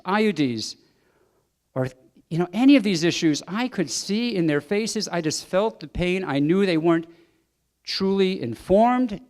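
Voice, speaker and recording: A middle-aged man, a doctor, giving an earnest, emphatic speech at a banquet, now and then chuckling at his own asides. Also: sits high. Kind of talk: public speech. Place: banquet hall.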